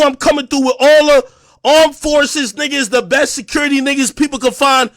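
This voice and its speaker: Male streamer host, high voice, loud profane trash talk dropping to low mutters. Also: steady tone, fairly quick, no echo, clean studio sound. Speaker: livestream host. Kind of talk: ranting livestream talk.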